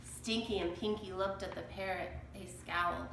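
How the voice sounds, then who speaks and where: A woman reading a children's chapter book aloud in a slow, deliberate storytelling manner. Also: on the low side, steady tone, gravelly, fairly bright tone, reverberant, a little hiss or hum, low-quality recording. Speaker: storybook reader.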